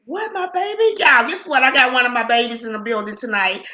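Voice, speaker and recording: A woman's voice: fairly high pitch, brisk, pushed and bright, reverberant, muffled recording. A middle-aged woman hosting a casual live stream from home, chatty and greeting viewers by name, with a lingering cough. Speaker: livestream host. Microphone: computer webcam mic.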